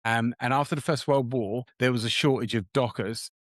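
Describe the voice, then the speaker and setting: A man's voice: mid-range voice, fairly quick, a bit bright, no room sound, studio quality. A man with a Portsmouth English accent hosting an interview, chatty and stumbling over repeated words. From Portsmouth, England. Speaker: podcast host. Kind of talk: casual interview chat.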